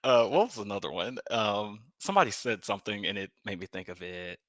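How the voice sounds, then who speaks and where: Bright, lively man. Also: lowish voice, brisk, no room sound. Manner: playful, laughs often. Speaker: co-host. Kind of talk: casual live chat. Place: remote live stream.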